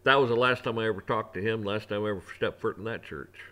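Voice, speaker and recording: A man's voice: fairly low pitch, fast talker, bright, forceful tone. A man giving a ranting opinion monologue, preachy and emphatic, repeating phrases and swearing as he preaches about faith. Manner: religious preaching tone. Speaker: online commentator.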